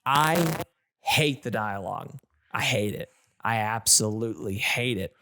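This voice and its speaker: A man venting on a gaming podcast in a lively, ranting rush, tripping over his words and restarting sentences. His voice sits at an ordinary middle pitch, close to the mic. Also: measured pace, background noise. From not British. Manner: animated, ranting, many restarts. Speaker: podcast co-host. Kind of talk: casual gaming podcast chat.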